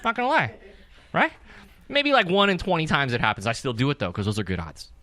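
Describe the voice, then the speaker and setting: A young adult man from California doing stand-up comedy at an open mic, energetic and profane, often checking with the crowd. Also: medium pitch, quick pace. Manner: energetic, profane, keeps asking the crowd "right?".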